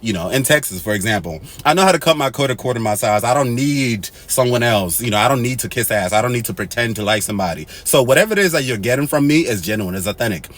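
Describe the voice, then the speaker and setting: Speaking fast with few pauses, a Nigerian host delivers a casual monologue to camera. He's animated, swinging between loud exclamations and low muttered asides, and mixes in Pidgin and Igbo phrases.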